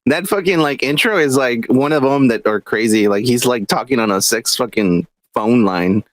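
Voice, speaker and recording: A man co-hosting a podcast in casual chat, laughing often and jumping into high squeaky imitations. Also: moderate pace, dry recording. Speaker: podcast co-host.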